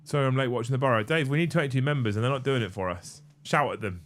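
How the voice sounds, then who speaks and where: A man's voice: mid-range voice, racing, fairly bright tone. A man hosting a casual livestream, bantering and thanking viewers, with a bit of swearing. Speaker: livestream host.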